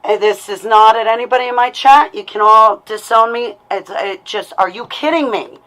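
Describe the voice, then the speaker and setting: A woman's voice: fairly high pitch, fairly even intonation, moderate pace, fairly bright tone, poor audio. A woman on a livestream, talking unscripted into a computer webcam microphone at home with an intense, emotionally raw delivery. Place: at home, indoors.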